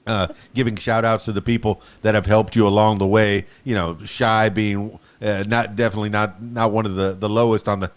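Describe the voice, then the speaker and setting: A low-voiced man hosts a casual podcast interview over a video call. He rambles and hesitates, filling the gaps with "uh" and restarting his sentences as he goes. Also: little pitch movement, a little fast, hardly any pauses. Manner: rambling, hesitant, many fillers. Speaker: podcast host.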